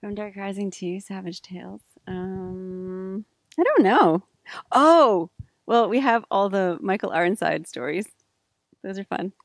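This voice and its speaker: A woman's voice: mid-range voice, measured pace, vocal fry, no echo, clean studio sound. A woman co-hosting a casual chat about filmmaking, talking animatedly and saying "like" often. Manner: animated, laughs easily, says "like" often. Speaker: co-host, filmmaker.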